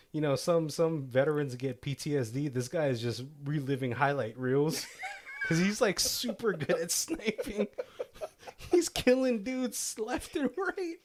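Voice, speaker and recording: A man's voice: a little high, expressive, a little slow. A young man co-hosting a podcast, chatting casually and laughing often. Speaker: podcast co-host. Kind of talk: casual chat.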